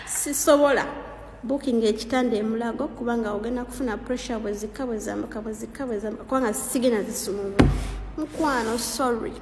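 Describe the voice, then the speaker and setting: A woman telling stories in a casual, animated monologue, often laughing as a TikTok creator. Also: fairly high pitch, fast, roomy sound, big-room sound, music in the background. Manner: animated, laughing, mixing languages.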